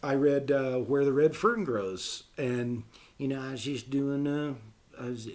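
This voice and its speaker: A middle-aged man in casual podcast chat. His pitch sits in the middle and he rambles, trailing off into ums and restarting his sentences. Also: normal speed.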